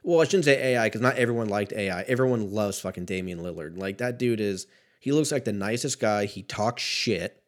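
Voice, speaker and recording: A man's voice: on the low side, lively intonation, brisk. Profane rambling man in his thirties. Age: 30s. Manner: rambling, profane, laid-back, self-mocking. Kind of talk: casual solo sports rant.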